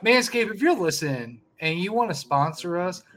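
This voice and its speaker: A man's voice: high voice, animated, normal speed, a crowd in the background. Swearing laid-back young man, dude-talk. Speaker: podcast co-host. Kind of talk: casual crude podcast chat while watching a film.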